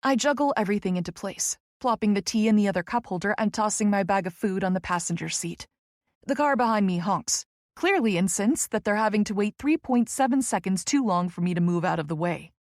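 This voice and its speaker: A woman's voice: medium pitch, animated, fairly quick, no room sound, studio quality. Wry woman narrating an audiobook. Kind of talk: scripted first-person romance narration.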